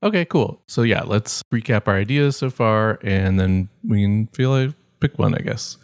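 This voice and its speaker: Here a man with a lowish, smooth voice moves at a moderate pace while co-hosting a podcast. His casual talk wanders, with many restarts and filler words, captured in a dry, clean studio recording.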